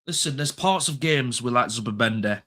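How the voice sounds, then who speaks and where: A young man ranting about his football club in a casual chat show, his voice bright and forceful. He hammers home each point by repeating it and swears without a second thought. His pitch sits in the ordinary middle range for a man. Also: expressive, normal speed. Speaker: football fan pundit.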